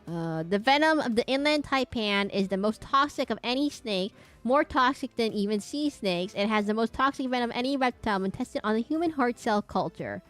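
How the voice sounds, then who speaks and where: A woman VTuber streamer in casual chat while she draws, rambling and breaking off her own sentences, sometimes dropping to a quiet mutter. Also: fairly high pitch, lively intonation, normal speed, faint music behind. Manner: rambling and self-interrupting, often laughing.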